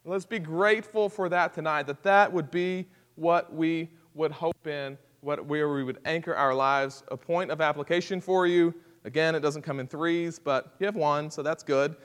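A man preaching a sermon at a church service, swinging from hushed intensity to loud, impassioned delivery. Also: a little high, fairly even intonation, normal speed, few pauses, in a large hall. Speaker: pastor.

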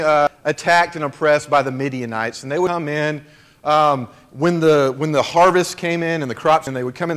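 A man's voice: a little high, a bit bright. A male pastor giving a conversational sermon, chatty and jokey, often checking in with "right?" and "okay?". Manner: jokey asides.

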